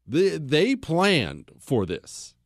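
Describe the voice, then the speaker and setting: Animated, blunt man telling history. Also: on the high side, extremely slow, no echo, studio quality. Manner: animated and blunt, mocking, acts out quotes. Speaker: podcast host. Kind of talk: opinionated history talk.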